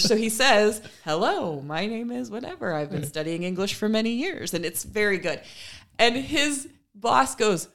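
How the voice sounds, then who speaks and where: A woman co-hosting a chat show, retelling a funny video in a lively way and acting out the quoted voices. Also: medium pitch, moderate pace. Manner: animated storyteller, acts out quoted voices, laughs often. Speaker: podcast co-host.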